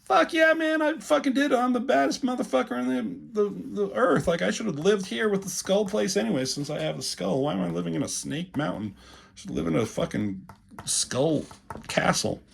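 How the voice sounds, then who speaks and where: Guy doing a squeaky husky skull villain, cocky and foul-mouthed, bragging. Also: expressive, normal speed, full character voice. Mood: gloating. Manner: boastful, profane sneering. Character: gloating skull-faced male villain, boastful and crude.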